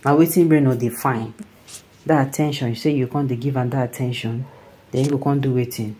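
A Nigerian commentator talks through the news in a loose, conversational way, keeping listeners engaged with repeated rhetorical checks. The voice sits at a middling pitch with a dark, mellow tone. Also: fairly even intonation, a little fast, rough recording. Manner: conversational, keeps asking "you understand?". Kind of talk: opinion commentary in Nigerian Pidgin.

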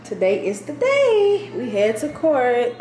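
A woman's voice: a little high, wildly swooping pitch, slow, mellow, a little hiss or hum. A woman vlogger talking casually and candidly to her viewers, venting about her day. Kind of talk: casual vlog chat. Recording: echoey room, mic at a distance.

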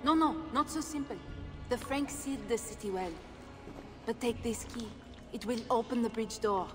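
A woman's voice: fairly high pitch, moderate pace, natural voice. An actress voicing a sly, teasing woman smuggler and bard in video game dialogue. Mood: coy. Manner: playful, evasive, teasing. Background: game music.

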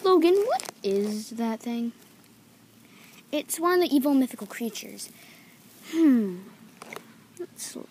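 A woman voicing every figure in a homemade toy-figure story, excitable and giggly as she jumps between playful character voices. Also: fairly high pitch, a little slow, long pauses, a little hiss or hum. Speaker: toy video creator voicing all figures.

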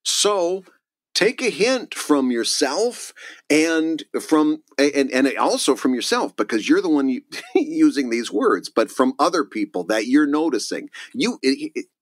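A man co-hosts a casual podcast chat, his pitch swinging widely as he presses his points. He laughs easily. The sound is dry and close, with no room around it. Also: unhurried, no echo. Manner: animated, laughs often, emphatic advice. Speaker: podcast co-host, cartoonist.

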